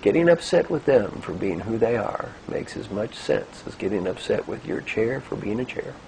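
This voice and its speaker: Gravelly, animated older male speaker. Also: lowish voice, moderate pace, slight background noise, rough recording. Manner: animated storytelling, gentle coaching. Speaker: executive coach. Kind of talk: motivational talk with guided exercise.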